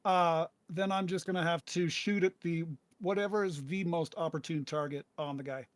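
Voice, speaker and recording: A man with a fairly high voice, playing a tabletop game and asking quick tactical questions before making his move. The sound is dry, with no room echo. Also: steady tone. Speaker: player. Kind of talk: casual tabletop game play.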